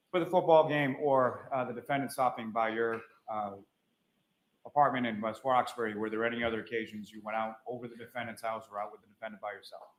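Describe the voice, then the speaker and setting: A man questioning a witness in a courtroom, formal and polite, calling him sir, with some "uh" fillers. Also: medium pitch. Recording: echoey courtroom with faint noise.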